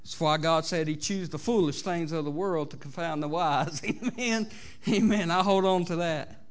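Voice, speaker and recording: A man with a Southern American accent preaching a sermon to a church, swinging between loud exhortation and quiet asides, often saying amen. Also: on the high side, moderate pace. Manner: preachy, rising and falling between loud exhortation and soft asides, many "amens". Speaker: pastor. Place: church sanctuary.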